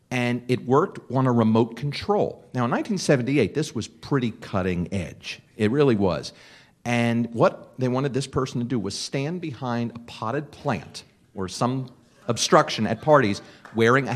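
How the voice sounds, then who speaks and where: A middle-aged man, a comedian, telling a casual anecdote in an animated way, with restarts and laughs. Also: mid-range voice, unhurried. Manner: animated storyteller with many restarts. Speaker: comedian guest telling a story.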